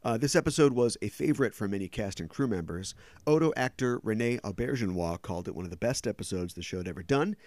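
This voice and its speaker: A man's voice: on the low side, lively intonation, fast, a little mellow, no echo. A man hosting a casual podcast chat, talking at length and explaining background details. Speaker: podcast host.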